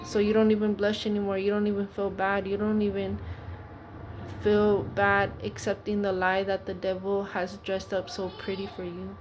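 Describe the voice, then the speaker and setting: Casting: woman preacher, earnest and pleading, steady narrow pitch, noisy recording. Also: normal speed. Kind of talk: informal preaching monologue.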